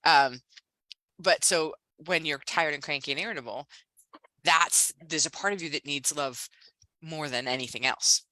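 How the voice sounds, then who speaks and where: Bright-voiced woman chatting reflectively. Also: deep voice, moderate pace, no room sound, rough recording. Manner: warm, reflective, with many restarts. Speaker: co-host, coach and healer. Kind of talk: casual podcast chat.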